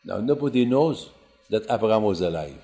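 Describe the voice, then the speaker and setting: Animated storytelling man. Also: a little fast, reverberant, soft background music. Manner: animated storyteller, acts out quotes with rising pitch. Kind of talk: Torah class storytelling.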